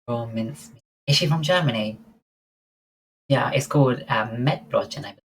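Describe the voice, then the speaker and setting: A woman's voice: rumbling low, normal speed, slight background noise, rough recording. A woman livestreaming, chatting casually and answering her viewers' messages one by one. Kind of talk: casual chat with live viewers.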